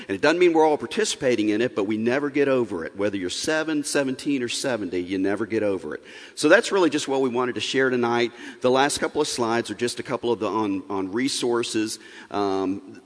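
A middle-aged man giving a frank, earnest parenting talk at a church seminar, speaking plainly to an audience. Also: medium pitch. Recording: reverberant hall.

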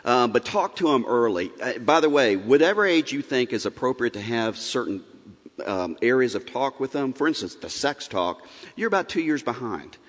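A man's voice: medium pitch, sing-song, normal speed. A middle-aged man giving a frank, earnest parenting talk at a church seminar, speaking plainly to an audience. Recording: reverberant hall.

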